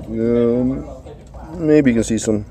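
Sweating from spicy food, a man gives a casual, rambling food review, hesitant and full of uh sounds and repeats. His medium-pitched voice is warm, and he draws out his words.

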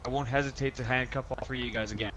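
A man's voice: medium pitch, fairly even intonation, rapid-fire, noisy background. A man roleplaying as a police officer, bossy and commanding, with swearing. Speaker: player voicing a police officer. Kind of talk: in-character roleplay.

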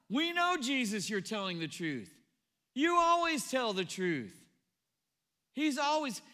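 A man preaching a sermon as pastor, animated, acting out the people in the story as he goes. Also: very high voice, big-room sound. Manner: animated, acts out quoted voices. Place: church auditorium.

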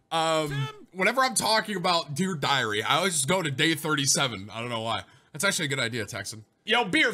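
A man streaming a game live, joking loudly and answering chat and donations. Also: medium pitch. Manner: loud, jokey, reacts to chat and donations.

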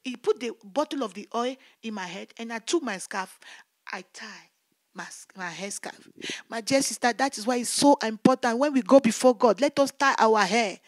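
A woman's voice: fairly high pitch, moderate pace, no room sound, studio quality. A woman evangelist giving a fervent testimony sermon, repeating her exclamations of praise.

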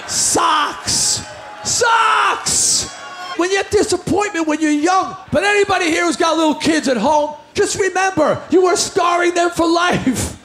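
A male comedian from the New York area doing a loud, exasperated stand-up routine. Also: extremely high pitch, normal speed, hardly any pauses, echoey room, faint music behind, some chatter behind. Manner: loud, shouting, exasperated storytelling.

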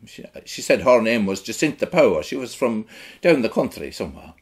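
A man's voice: mid-range voice, big pitch swings, a little fast, husky. A middle-aged man with a rural Irish accent, performing a blunt, earthy one-man stage monologue. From Ireland. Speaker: actor in a one-man show. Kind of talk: theatrical monologue.

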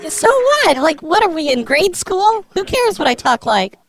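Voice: sits high, expressive, normal speed, pitched above the performer's own voice. A prank caller playing a brash, foul-mouthed woman neighbor who bosses people on the phone. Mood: irritated. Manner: rude, bossy, swears a lot.

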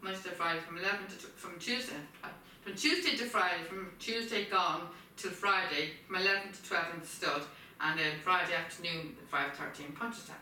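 A woman's voice: on the low side, fairly quick, few pauses, sharp tone, a little hiss or hum. Rambling woman, echoey kitchen. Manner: repetitive, circling back over the same points. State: frog in the throat, coughing. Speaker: home video maker. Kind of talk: rambling casual monologue. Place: home kitchen. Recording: echoey kitchen, distant mic.

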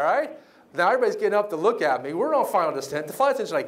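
A man giving a motivational banquet speech, telling his story with lively acted-out quotes. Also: sits high, racing. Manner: animated storyteller, acts out quoted voices. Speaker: keynote speaker. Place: banquet hall.

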